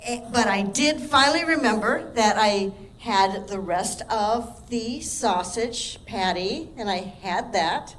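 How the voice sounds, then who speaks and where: A woman's voice: mid-range voice, animated, slow pace, few pauses, fairly bright tone, a little hiss or hum, low-quality recording. A woman giving a short impromptu talk at a speaking practice meetup, wry and rambling. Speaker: workshop participant. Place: meetup room.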